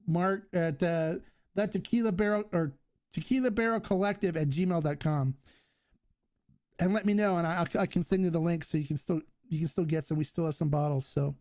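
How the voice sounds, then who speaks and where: A man's voice: sits high, darkish tone. A man hosting a live-stream question and answer session, talking casually and enthusiastically with frequent fillers and restarts. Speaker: host.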